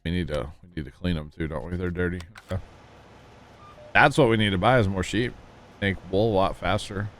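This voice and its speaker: A man's voice: deep voice, fairly even intonation, a little fast, fairly bright tone. A man casually chatting with his viewers while streaming a farming game, rambling through folksy stories and asides. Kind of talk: casual livestream chat while playing.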